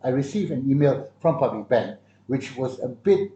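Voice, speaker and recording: A man's voice: mid-range voice, animated, moderate pace, mellow, slight background noise. A man with a Malaysian English accent, chatting casually and telling stories, slipping Malay words into his English. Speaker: guest. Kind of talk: casual chat. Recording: muffled, echoey room.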